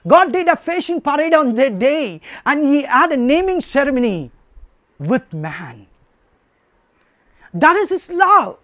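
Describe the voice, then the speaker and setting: A man's voice: very high voice, sing-song, a little slow, long pauses, a bit bright, no room sound. A man preaching a sermon, emphatic and repetitive, asking rhetorical questions.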